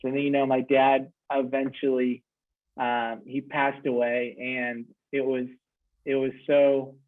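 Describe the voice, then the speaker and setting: A man telling frank, darkly comic personal stories in a halting way, with many fillers. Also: mid-range voice. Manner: halting, lots of fillers, switches from frank to joking. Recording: tinny phone-line radio audio.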